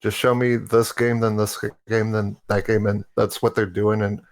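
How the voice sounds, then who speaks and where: Laid-back low-voiced male panelist. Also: little pitch movement, moderate pace. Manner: laid-back, rambling, hesitant with many ums. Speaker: podcast panelist. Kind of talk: casual panel chat.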